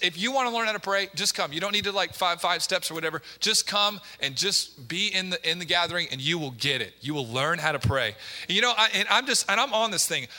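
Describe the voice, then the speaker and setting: A male pastor preaches emphatically and repetitively to his congregation in a church sanctuary, often putting direct questions to them. His voice sits high with a sharp tone, and the church hall reverb is long.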